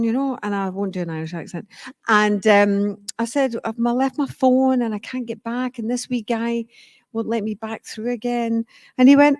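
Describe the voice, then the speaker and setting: A Scottish woman tells lively, giggly stories and swears freely. Her voice sits a little high and sounds dry and close, and she chats casually in front of a convention audience. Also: normal speed, no room sound. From Scotland. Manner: animated, giggly storytelling with swearing. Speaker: guest actor. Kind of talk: lively convention panel chat. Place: convention auditorium stage.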